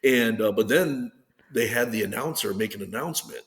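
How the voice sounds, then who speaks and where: A man's voice: mid-range voice, normal speed, long reverb tail. A man in his fifties, a guest telling stories in a loose, rambling way and acting out what others said. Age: 50s. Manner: rambling, acts out others' lines with "and I was like". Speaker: guest athlete. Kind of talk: casual storytelling.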